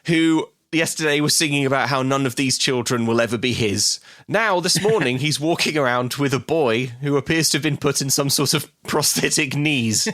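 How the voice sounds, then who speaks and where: A man's voice: mid-range voice, normal speed, few pauses, dry recording, clean studio sound. A man co-hosting a comedy podcast, recapping a film in casual chat and slipping into silly voices. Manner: animated, slips into silly character voices. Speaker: podcast co-host.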